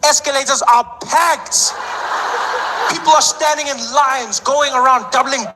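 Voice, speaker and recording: A man's voice: very high-pitched, measured pace. A man performing a stand-up comedy set before a live audience, telling stories with put-on voices. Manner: animated storytelling with put-on voices. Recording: live show with audience noise.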